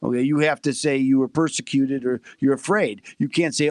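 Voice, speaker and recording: A man's voice: medium pitch, fairly even intonation, moderate pace, few pauses, dry recording. A man co-hosting a radio show, speaking casually and often stopping to restart his sentences.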